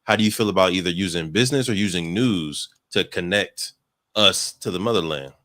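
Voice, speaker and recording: A man interviewing in a relaxed way, often dropping in short affirmations. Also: low-pitched, brisk. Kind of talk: casual interview.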